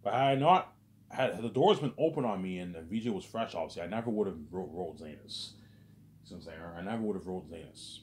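A man's voice: low voice, lively intonation, fast, darkish tone, slight background noise. A man delivering a rambling, agitated vlog monologue, repeating "obviously" and "man" and swearing often. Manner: repetitive, peppers speech with "obviously" and "man". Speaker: vlogger.

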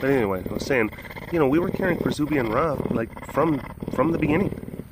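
A man's voice: mid-range voice, lively intonation, quick pace, very noisy. A man hosting a vlog, chatting casually and playfully in a rambling way about animal care. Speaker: sanctuary keeper and vlog host.

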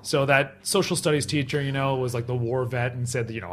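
A man's voice: medium pitch, brisk. A man in his thirties from Canada, a podcast guest telling a long anecdote and acting out the people in it. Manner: animated storyteller who acts out quoted voices and laughs often.

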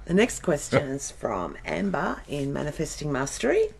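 A woman's voice: sits low, big pitch swings, normal speed, creaky, a little hiss or hum. A woman co-hosting a live show, reading listener questions aloud and giving brief agreeing replies.

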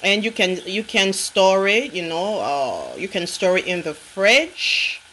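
Her pitch is mid-range but swings widely, and her bright voice sounds pushed as she takes things slowly. The woman is a cooking vlogger giving a casual demo on a rough recording with slight background noise and frying sizzle, sassily teasing viewers, calling them honey, and repeating "okay?"

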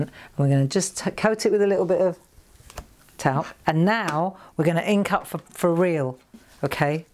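Chatty woman with a lively voice. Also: fairly low pitch, moderate pace. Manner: chatty, jokey, talks straight to viewers. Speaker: craft shop host demonstrating stamping. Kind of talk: live craft demonstration.

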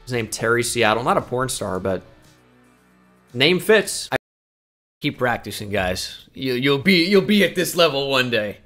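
A man's voice: medium pitch, sing-song, measured pace, fairly bright tone, faint music behind. A young man giving rambling, joking, self-mocking commentary while playing a football video game. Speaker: gaming YouTuber. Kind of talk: casual gameplay commentary.

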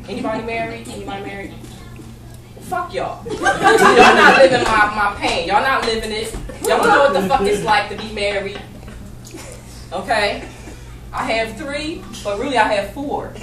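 A woman in her thirties performing a profane stand-up comedy set, getting loud and shouty at the punchlines. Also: a little high, lively intonation, moderate pace, over a noisy crowd. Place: comedy club stage with a live audience. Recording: echoey room, from far off, audience noise.

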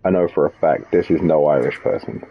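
A man's voice: a bass voice, fairly even intonation, a little fast, husky, muffled recording. A man streaming a co-op shooter, giving casual, sardonic commentary and swearing freely at the game. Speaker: streamer playing in co-op. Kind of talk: casual gameplay commentary with party chat.

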